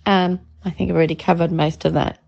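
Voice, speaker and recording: A woman's voice: on the low side, little pitch movement, fast talker, creaky, a little mellow, breathy edge, highs cut off. A middle-aged woman giving an informal, chatty home sermon in an earnest tone, often calling things amazing. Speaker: preacher.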